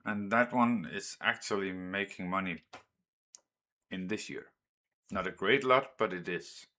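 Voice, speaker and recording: Deep, bright, and forceful, this Danish-accented voice belongs to a gaming streamer from Denmark who slowly thinks aloud as he plans train routes. He comments casually, speaks to his trains, and lets out curses or exclamations when things go badly.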